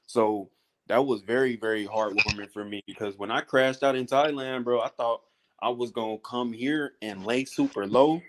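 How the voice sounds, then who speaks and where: Male guest, casual storyteller, slangy, animated, mid-pitched. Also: normal speed. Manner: animated storytelling with slang, often acting out high-pitched voices. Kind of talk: casual chat.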